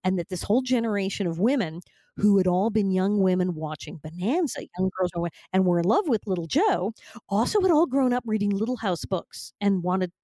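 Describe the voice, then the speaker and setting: A woman's voice: medium pitch, brisk, no echo, studio quality. A woman in her fifties, a guest actress, telling anecdotes animatedly and laughing often. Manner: animated, laughing often, quoting others with exaggerated tones. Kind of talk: anecdotal storytelling.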